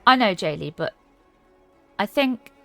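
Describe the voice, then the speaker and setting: A woman streamer chats casually and giggles as she reads chat aloud. Her voice is mid-pitched for a woman. Faint game music plays under her. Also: lively intonation, unhurried, vocal fry, sharp tone, dry recording. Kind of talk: casual live-stream chat while gaming.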